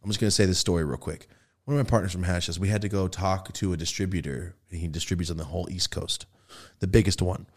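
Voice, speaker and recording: A man with a lowish voice tells a business story on a podcast, animated and full of swearing. He swings high and loud when he acts out what people said. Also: quick pace. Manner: animated, profane, jumps into high excited voices for quotes. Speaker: podcast host telling a story. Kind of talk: casual storytelling.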